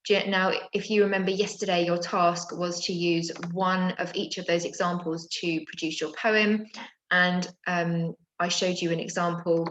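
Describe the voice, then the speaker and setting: A woman's voice: fairly low pitch, steady tone, moderate pace, a bit bright, roomy sound, a little hiss or hum, low-quality recording. A woman teaching primary school children in a recorded home lesson, explaining tasks patiently with the odd filler.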